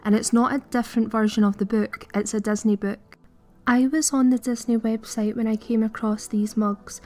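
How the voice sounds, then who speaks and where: Young woman reading a script, sincere and puzzled, warm dark-ish voice. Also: a little high. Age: early 20s. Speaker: video creator. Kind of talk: scripted narration.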